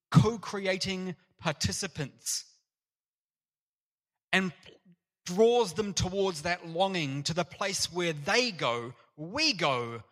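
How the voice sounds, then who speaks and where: Male preacher, sermon, earnest, animated, bright tone, fairly high voice.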